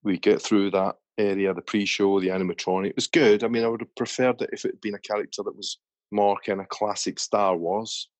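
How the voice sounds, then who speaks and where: A man's voice: fairly low pitch, steady tone, brisk, dry recording. A man hosting a podcast, telling stories in a casual, chatty way. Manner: chatty storyteller. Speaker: podcast host. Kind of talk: casual chat.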